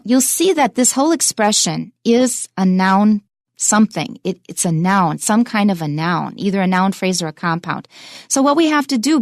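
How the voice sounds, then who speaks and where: A woman teaching English pronunciation on a radio lesson, explaining clearly and switching between English and Mandarin. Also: mid-range voice, no echo, clean studio sound.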